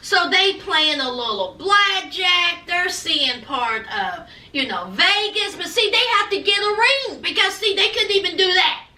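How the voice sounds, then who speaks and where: Sassy, very high-voiced woman gossiping. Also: a little slow, few pauses, distant mic. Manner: sassy and animated, calls viewers honey and child. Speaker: reality TV recap vlogger. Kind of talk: casual gossipy recap. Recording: echoey room, away from mic.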